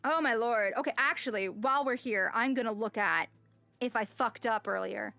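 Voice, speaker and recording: A woman's voice: a little high, normal speed, creaky, pushed and bright. A woman streaming a game, reading its text aloud and chatting casually, with frequent sighs and exclamations. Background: faint music.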